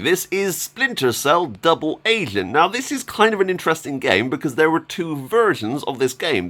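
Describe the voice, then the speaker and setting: A man's voice: fairly high pitch, fairly bright tone. A man talking casually in a vlog as he shows off a haul of games, chatty and enthusiastic, and he laughs often. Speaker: gaming YouTuber.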